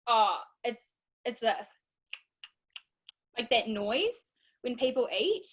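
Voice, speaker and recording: Animated young New woman, bright-pitched. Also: slow. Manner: animated, expressive storytelling with laughs. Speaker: guest. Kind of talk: casual chat.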